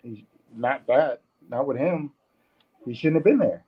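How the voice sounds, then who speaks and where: Husky guy on a podcast panel, muffled sound, slow measured talk, lots of ums. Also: mid-range voice. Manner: measured, with many fillers and repeats. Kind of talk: casual debate among friends.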